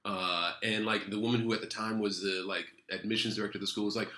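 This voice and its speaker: Man, actor guest, quick lively chat, bright tone, roomy echo. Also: lowish voice. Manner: animated, repeats words, quotes others in asides. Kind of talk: casual interview chat.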